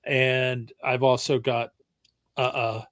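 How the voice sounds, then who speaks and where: A man co-hosting a casual stream, talking haltingly with many restarts and fillers. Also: medium pitch, level tone, a bit bright, dry recording. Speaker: stream co-host. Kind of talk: casual chat.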